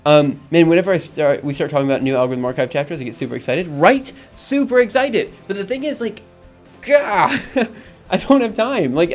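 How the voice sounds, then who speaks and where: Upbeat male streamer, a touch high-pitched, chats loosely with viewers while coding; soft music under him. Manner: rambling, upbeat, lots of fillers and laughs. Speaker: livestream host. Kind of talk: casual coding livestream chat.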